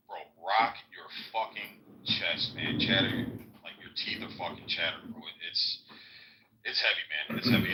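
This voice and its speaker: A man's voice: low voice, sharp tone, poor audio. A man telling a war story in casual chat, profane and loose, saying "bro" a lot. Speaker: Iraq veteran, guest.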